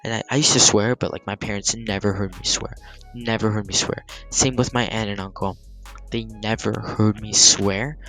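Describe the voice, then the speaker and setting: A teenage guy telling a story in a casual vlog, animated and heated, swearing freely and filling with "like". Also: lowish voice, moderate pace, faint music behind. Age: teens. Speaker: gaming channel storyteller.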